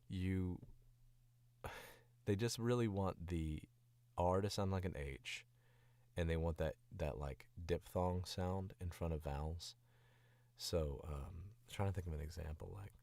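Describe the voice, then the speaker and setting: A man's voice: low voice, moderate pace, warm tone, no room sound. A tired, sick man chatting casually on a stream, rambling in a laid-back way with the odd swear, close to his mic. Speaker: voice actor streaming.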